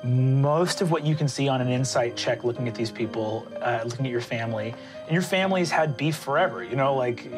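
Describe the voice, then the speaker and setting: A man's voice: medium pitch, a little fast. Casual profane male GM narration, music bed under. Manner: casual, profane, filler-heavy. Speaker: game master. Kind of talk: narrating a tabletop game.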